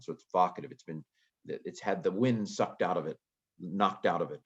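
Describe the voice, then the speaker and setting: A man with a very low voice talks through Greek grammar as a casual lecture. He muses aloud and fills pauses with ums. The audio is muffled and lo-fi. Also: husky. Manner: relaxed, thinking aloud with frequent ums. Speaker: Greek teacher.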